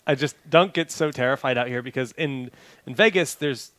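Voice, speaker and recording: A man hosts a relaxed podcast chat, joking his way through the talk. He speaks at an ordinary pitch. His voice sits close on the mic with a dry sound. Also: normal speed, dry recording. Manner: joking, easygoing. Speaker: podcast host. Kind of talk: casual chat.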